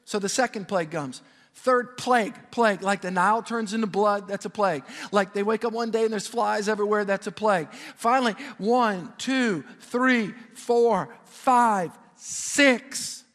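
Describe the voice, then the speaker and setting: High-voiced preacher in a reverberant hall. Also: male voice, brisk. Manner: animated storytelling with jokes. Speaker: pastor. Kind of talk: sermon.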